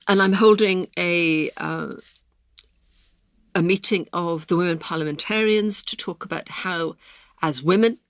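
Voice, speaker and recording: A woman's voice: mid-range voice, no echo. A woman answering interview questions in a passionate, emphatic way. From Britain. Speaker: politician, interview guest.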